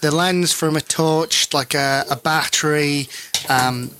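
A man's voice: on the high side, steady tone, slow, background noise. A man co-hosting a casual gaming chat, explaining things with hesitant fillers.

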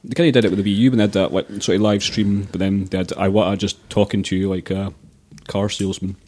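A man with a very deep voice rattles off quick, opinionated takes on games. He is dry and wry, and he often talks over the others. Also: fairly even intonation, a little mellow. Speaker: podcast co-host. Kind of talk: casual gaming podcast chat.

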